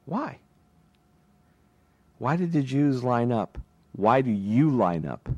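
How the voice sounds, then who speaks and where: A man's voice: mid-range voice, very animated, slow, darkish tone, no echo, highs cut off. Male talk radio host lecturing hard, lots of rhetorical questions, dry studio mic. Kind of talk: political radio monologue.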